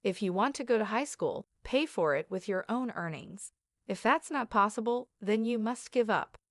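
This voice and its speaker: A woman reading the lines of a cold, stern father who speaks flatly and firmly. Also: mid-range voice, moderate pace, dry recording, clean studio sound, close to an everyday voice. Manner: flat, cold, firm.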